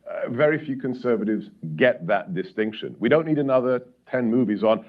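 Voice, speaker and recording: A man's voice: medium pitch, expressive, a little fast. A man making an emphatic point in an interview, played as a clip. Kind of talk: interview talk. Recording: dull lo-fi clip.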